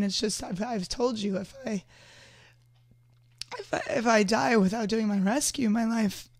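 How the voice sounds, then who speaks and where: A hoarse woman, slightly sick, talking casually and earnestly to camera in a vlog, often restarting her sentences. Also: mid-range voice, no echo, clean studio sound. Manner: earnest, rambling, with frequent restarts. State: hoarse from illness. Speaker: podcast host and entrepreneur. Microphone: external microphone.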